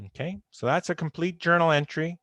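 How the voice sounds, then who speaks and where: A man's voice: on the high side, steady tone, brisk, a bit bright, no room sound. Man teaching chemistry over video call. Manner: conversational, repeats key points, stresses warnings. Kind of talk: recorded online lecture. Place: home or office on a video call. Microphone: computer microphone.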